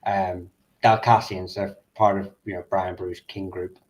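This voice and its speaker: A man from Northern Ireland with an Ulster accent softened by English elocution lessons, chatting casually about history with frequent ums and restarts. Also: sits low, flat delivery, unhurried. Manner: hesitant, lots of ums and restarts.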